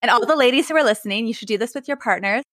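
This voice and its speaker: A woman's voice: a little high, very fast, fairly bright tone, no room sound, clean studio sound. A woman hosting a podcast, chatting enthusiastically with her guest. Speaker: podcast host. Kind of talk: casual chat.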